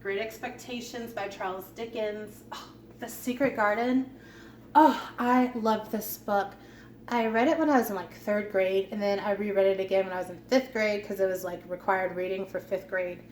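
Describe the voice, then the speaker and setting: A woman's voice: mid-range voice, fairly even intonation, normal speed, darkish tone. A woman chatting casually as a vlogger about her books, with lots of ums and asides. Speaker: vlogger showing her book collection. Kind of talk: casual chat. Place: at home. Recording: echoey room with faint background hum.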